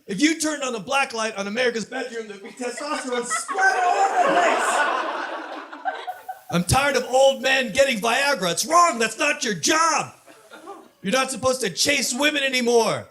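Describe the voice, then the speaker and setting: A man from Southern California doing a stand-up comedy set on a club stage, punchy delivery that builds to shouted punchlines. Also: very high-pitched, lively intonation, moderate pace.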